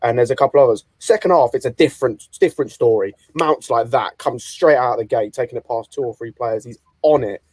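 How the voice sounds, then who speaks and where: A man on a fan panel talking quickly as he analyses a match. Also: mid-range voice, a little mellow, husky, no echo. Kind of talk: live match reaction.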